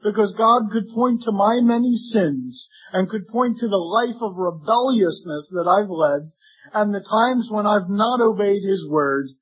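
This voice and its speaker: A man with a fairly high, husky voice preaches earnestly to a congregation, giving voice to the objections his listeners might raise. The recording is dull and lo-fi, as if taped in a church. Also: lively intonation, unhurried. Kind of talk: sermon.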